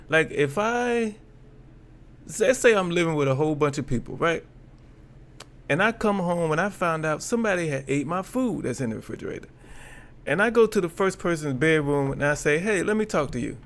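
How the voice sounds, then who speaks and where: A man hosting a reaction video, talking in a fairly high, gravelly voice. His pitch jumps all over as he fires off incredulous questions. He repeats himself for emphasis. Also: animated, normal speed. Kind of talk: reaction commentary.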